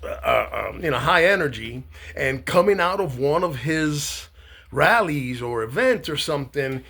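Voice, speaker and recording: A man with a gravelly, husky voice talks slowly to camera in a sarcastic monologue. His pitch rises and falls a lot, and he pads his sentences with many filler sounds. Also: expressive, bright, forceful tone. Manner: rambling, lots of uh and um, sarcastic. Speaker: commentator.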